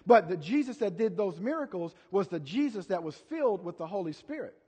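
A man with a notably high voice preaching a sermon to a congregation. He talks in a loose, conversational way and acts out the scenes he describes. The sound carries the long reverb of a church hall. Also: big pitch swings, a little fast, darkish tone, slightly rough. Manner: chatty, storytelling with acted quotes and audience volunteers. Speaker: pastor.

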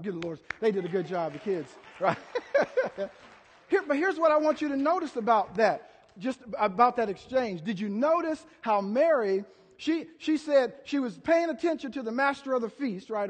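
A man with a notably high voice preaching a sermon to a congregation. He talks in a loose, conversational way and acts out the scenes he describes. The sound carries the long reverb of a church hall. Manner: chatty, storytelling with acted quotes and audience volunteers. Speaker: pastor.

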